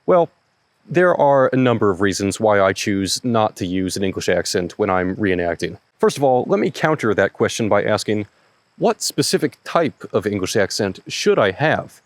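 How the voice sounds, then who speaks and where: An American man with a fairly low voice talks to camera as host of his own channel. He lays out his reasons methodically, one point after another. The sound is dry and close, with no room echo. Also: big pitch swings. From United States. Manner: measured, methodical, explains point by point. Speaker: historical reenactor, channel host. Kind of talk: explanatory talk to camera.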